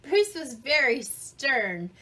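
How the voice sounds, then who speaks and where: A woman reading a children's storybook aloud in an interactive read-along, animated, asking the listener questions and explaining words simply. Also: sits high, slow pace, a little hiss or hum.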